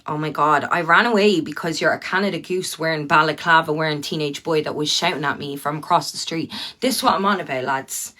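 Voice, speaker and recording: A woman's voice: sits low, pushed and bright. An Irish woman ranting bluntly to her viewers on a livestream, swearing freely and talking straight to them.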